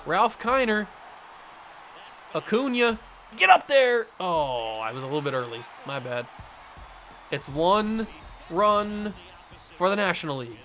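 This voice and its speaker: Excitable young man calling his game. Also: on the high side, a little hiss or hum. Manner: excitable, jokey play-by-play with sudden loud outbursts. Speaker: gaming YouTuber. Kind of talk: casual gameplay commentary.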